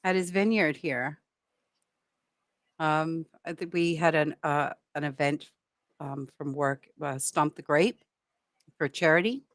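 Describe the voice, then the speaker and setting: A woman chatting with friends on a podcast, her voice a touch low. She tells stories freely and laughs easily. The sound is close and dry, with no room around it. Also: slow pace, long pauses, dry recording. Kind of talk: casual chat.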